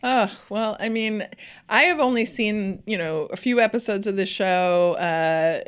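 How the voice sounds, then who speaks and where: A woman's voice: mid-range voice, measured pace, clean tone. A woman co-hosting a casual TV chat, talking effusively with lots of fillers and laughter. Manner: chatty and effusive, many fillers, laughs often. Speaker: podcast co-host.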